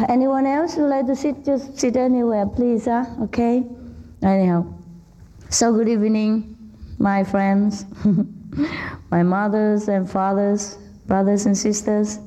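A woman's voice: mid-range voice, warm tone. A woman speaker giving an informal spiritual talk to a live audience, joking and laughing often as she chats with the people around her. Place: indoor hall with a seated audience. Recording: dull lo-fi recording.

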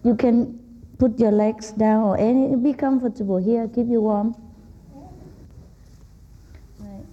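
A woman giving an easygoing spiritual talk to a seated crowd, her words unhurried and her tone mellow. She teases the people near her and laughs easily. The recording has a dull, lo-fi sound. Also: fairly high pitch, fairly even intonation. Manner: playful, laughs often, chats with the audience. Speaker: spiritual speaker. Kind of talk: informal talk to a live audience. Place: indoor hall with a seated audience.

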